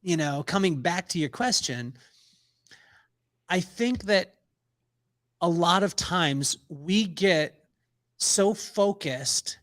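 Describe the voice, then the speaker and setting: A middle-aged man with a high voice tells a story as a podcast guest. He is animated, laughs often and acts out the people he quotes. The sound is close and dry, with no room in it. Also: takes it slowly, long pauses, no room sound. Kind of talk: storytelling in a casual interview.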